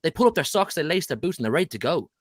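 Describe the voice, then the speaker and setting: Fast, confident man defending his club. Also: fairly high pitch, big pitch swings, no room sound, studio quality. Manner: confident, defensive, dismissive of rivals. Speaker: Man City fan panelist. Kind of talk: casual football debate.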